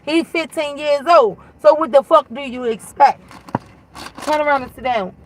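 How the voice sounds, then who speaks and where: A woman's voice: high voice, normal speed, noisy background. A woman in her thirties telling a casual storytime rant, blunt and profane, talking straight to her viewers from inside a car.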